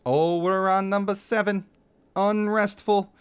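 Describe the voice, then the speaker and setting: Excitable man hosting a game stream. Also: sits high, unhurried, clean tone. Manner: excitable, laughs easily, thanks viewers by name. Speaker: streamer and gaming channel host. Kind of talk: live stream, reading game lore and chatting.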